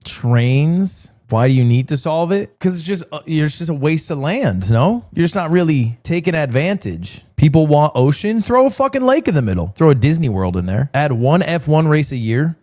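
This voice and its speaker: A young man riffing on stream, brash and loose, cursing and joking as he reacts to what he is watching. His voice sits a little high and swings wildly in pitch, bouncing between mock outrage and laid-back shrugs. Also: sing-song, a little fast, hardly any pauses, a little mellow. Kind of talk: casual stream commentary.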